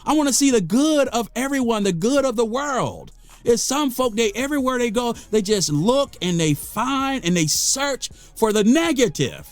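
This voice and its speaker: An American man talks straight to the camera in a fired-up, preachy monologue, his high voice leaping all over the place. He hammers points home by repeating phrases. The sound is dry and close, with faint music underneath. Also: moderate pace, no room sound. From United States. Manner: gets worked up, then calms himself. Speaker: vlogger.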